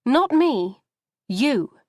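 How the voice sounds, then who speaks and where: A woman voicing a stern mother who lectures in a sharp voice. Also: high voice, very animated, extremely slow, dry recording, clean studio sound, pitched above the performer's own voice, exaggerated voice. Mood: scolding.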